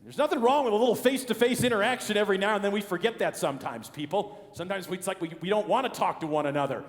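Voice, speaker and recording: A middle-aged man from the Chicago area doing a stand-up comedy routine, animated and acting out the voices of people in his stories. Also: high-pitched, racing. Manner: animated, acts out quoted voices. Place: large conference hall stage. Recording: long reverb of a large hall.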